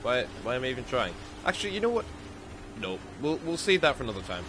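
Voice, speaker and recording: A man with a Scottish accent giving casual, excitable commentary over gameplay as a gaming YouTuber. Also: mid-range voice, fast talker, music in the background. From Scotland. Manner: excitable, exclaims often.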